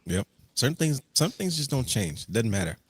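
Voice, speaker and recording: A man's voice: mid-range voice, big pitch swings, normal speed, slightly rough, no echo. A man hosting a casual wrestling podcast, opening the show with sing-song hype introductions. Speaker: podcast host.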